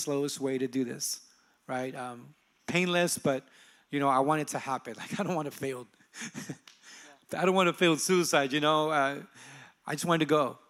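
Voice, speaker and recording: A man in his thirties with a slightly high voice tells his story from a church stage. He speaks earnestly and softly, pausing on fillers as he goes. It sounds like a pastor giving a heartfelt testimony. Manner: earnest, soft-spoken, halting with fillers.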